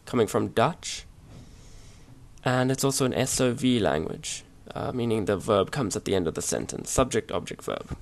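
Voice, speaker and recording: A man explaining grammar over his slides in a relaxed, hesitant way, with many fillers and restarts. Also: on the low side, normal speed, vocal fry. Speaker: language teacher. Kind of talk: casual slide-based language lesson.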